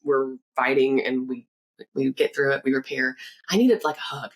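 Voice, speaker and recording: A woman in her thirties speaks with a low-pitched voice as a counselor in a podcast interview. She is animated and laughs easily. She slips into the voices of the people she quotes as she talks. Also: moderate pace, rough recording. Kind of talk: conversational interview.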